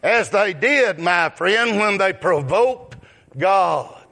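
Brief: male preacher, high bright tenor, slow drawn-out sermon, shouts on peaks, keeps asking the crowd "huh?". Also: expressive, creaky. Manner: drawn-out delivery that rises into shouted high exclamations; repeats call-outs like "yes, sir" and "huh?".

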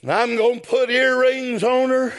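A man preaching a sermon, swinging from shouted chanted phrases down to low spoken asides. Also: steady tone, moderate pace.

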